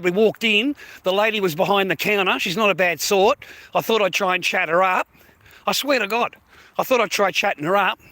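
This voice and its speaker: A man's voice: high voice, sharp tone, no echo. An Australian man ranting to his stream viewers in a rambling, sweary, blokey way. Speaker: livestreamer.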